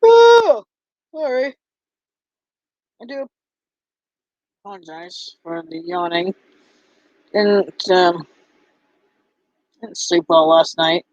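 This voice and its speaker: A woman vlogger chatting casually to camera, halting often with ums and restarts. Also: fairly low pitch, no echo. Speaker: vlogger and bracelet seller. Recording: dull lo-fi, dry sound.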